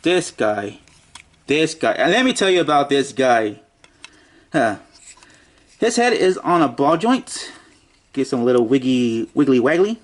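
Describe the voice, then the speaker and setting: A man's voice: medium pitch, sing-song, measured pace, long pauses. A man giving a casual toy review, muttering and joking to himself as he handles the figure.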